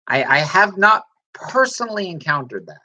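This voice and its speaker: This livestream host has a fairly low, sharp-toned voice and speaks at a normal speed with a lot of animation. She chats casually and reads viewer comments aloud, rambling and often restarting her sentences.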